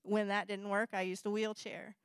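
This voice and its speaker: A woman giving a personal testimony to an audience, earnest and halting, correcting herself and apologizing as she talks. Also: medium pitch, little pitch movement, clean tone, dry recording. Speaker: speaker sharing personal testimony. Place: presentation with slides in front of an audience.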